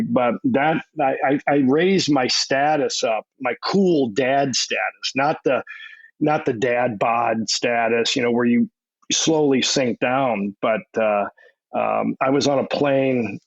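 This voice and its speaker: A man's voice: medium pitch, vocal fry, dry recording. Dry, slightly muffled man telling rambling stories. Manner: rambling anecdotes with many restarts and repeated words. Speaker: podcast guest. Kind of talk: casual interview storytelling.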